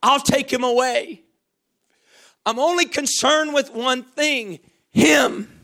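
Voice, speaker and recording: A man's voice: very high voice, slow pace, creaky, sharp tone, pitched above the performer's own voice, full character voice. A man preacher voicing a grieving woman who pleads to know where her Lord has been laid. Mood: pleading.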